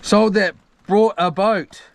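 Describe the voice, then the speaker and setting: A man's voice: sits high, fairly even intonation, slow, gravelly. A man, a mechanic chatting loosely to his live-stream viewers from a boat, rambling with lots of ums and restarts. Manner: meandering storyteller with many ums and restarts, slangy. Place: on a boat at sea.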